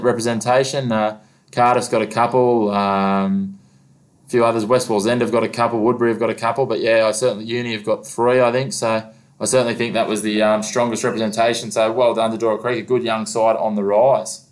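A laid-back Australian man hosts a casual sports chat in a low, even voice that barely rises or falls. He fills his talk with "mate" and easy asides. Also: a little fast. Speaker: local sports radio host.

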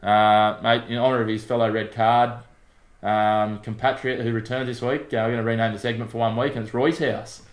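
A man's voice: mid-range voice, a little fast. A man with an Australian accent co-hosting a casual sports podcast, rambling matily with lots of fillers. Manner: relaxed, matey, rambling with fillers. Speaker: podcast co-host.

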